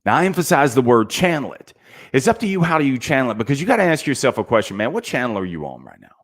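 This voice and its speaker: A man's voice: medium pitch, big pitch swings, fast talker, fairly bright tone. A middle-aged man giving a casual motivational talk to salespeople, preachy and peppered with "man".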